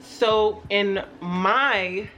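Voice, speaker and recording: A woman's voice: mid-range voice, extremely slow, pushed and bright, soft background music. A young woman hosting her own channel, talking in a chatty, rambling, self-deprecating way. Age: young adult. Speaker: YouTube host. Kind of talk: casual vlog chat.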